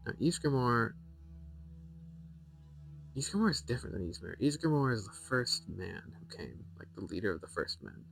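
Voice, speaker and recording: A man streaming a game, rambling through its lore, reading passages aloud and thinking out loud with fillers and self-corrections. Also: fairly low pitch, very animated, normal speed, gravelly, long pauses, low-quality recording.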